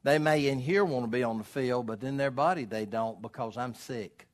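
A man preaching a sermon as pastor, swinging from loud calls to quiet storytelling. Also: medium pitch, normal speed. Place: church.

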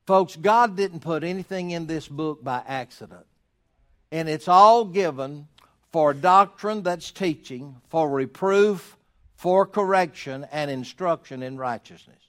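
A man's voice: on the high side, moderate pace, a bit bright. A man preaching a sermon to his congregation, folksy and emphatic, with sarcastic asides. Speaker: pastor.

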